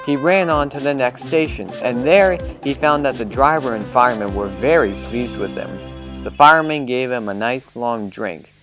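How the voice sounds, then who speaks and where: A man reading a children's storybook aloud in a measured, expressive way. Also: mid-range voice. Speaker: narrator. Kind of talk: storybook narration. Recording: background music.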